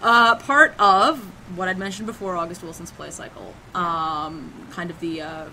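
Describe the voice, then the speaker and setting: A woman with a bright, clear voice co-hosts a podcast in casual conversation. She thinks aloud, trails off and restarts, and laughs easily. There is a faint hiss of noise behind her. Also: on the low side, normal speed, rough recording. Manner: chatty, laughs often, thinks aloud with fillers. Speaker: podcast co-host. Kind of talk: casual chat.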